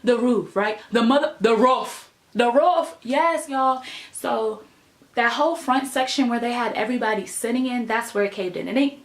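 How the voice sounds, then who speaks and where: A woman's voice: on the high side, moderate pace, roomy sound. A young woman, telling a personal story in casual vlog style with lots of emphasis and filler words. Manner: animated, emphatic storytelling with many "like" and "right?" fillers.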